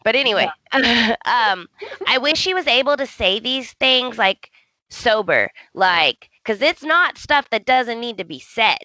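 A woman co-host chats about a soap opera with a lively, swooping pitch and a bright, forceful tone. She exclaims and laughs easily. The recording is dry and close, with little room sound. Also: measured pace, no echo. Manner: animated, laughs a lot, exclaims. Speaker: podcast co-host. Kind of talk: casual chat.

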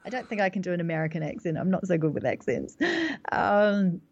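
Lively and fairly quick, this woman's lowish voice carries vocal fry and a slightly mellow quality on a dry, lo-fi recording. She is a New Zealander in her 40s, a business consultant telling interview stories about her career with confidence, reflection and plenty of fillers.

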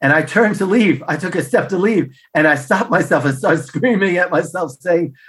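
A middle-aged man, a podcast guest, telling personal stories in an animated way and acting out the dialogue. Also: sits high, moderate pace. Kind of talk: storytelling interview answers.

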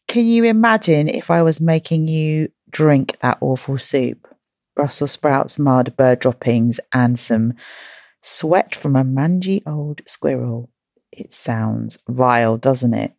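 A woman's voice: extremely low pitch, slow, creaky, a little mellow, no echo, studio quality. A woman hosting a podcast for children, talking to them in a playful, encouraging way full of questions. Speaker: children's podcast host and coach. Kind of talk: upbeat podcast talk to children.

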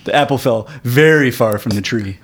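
A man co-hosting a casual horror movie podcast, joking and slipping into quick mock voices. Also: medium pitch. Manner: jokey, animated, does quick mock voices. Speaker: podcast co-host. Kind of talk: casual movie review chat.

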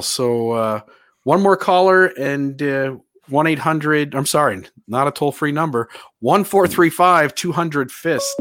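Male radio call-in host, relaxed and friendly, dry studio sound. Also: on the high side, no echo. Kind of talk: call-in show hosting.

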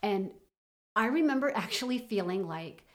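A middle-aged woman telling a personal story in an interview, halting with many fillers and restarts. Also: mid-range voice, lively intonation. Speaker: guest.

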